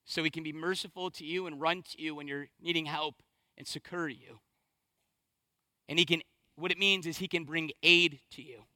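High, bright-voiced impassioned preacher man. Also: steady tone, normal speed, no echo. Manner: impassioned, swinging between hushed and loud. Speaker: pastor. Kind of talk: sermon.

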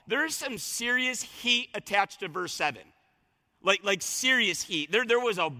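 A man's voice: high voice, sharp tone, big-room sound. A man preaching a sermon as a pastor, fervent and colloquial, repeating lines for emphasis.

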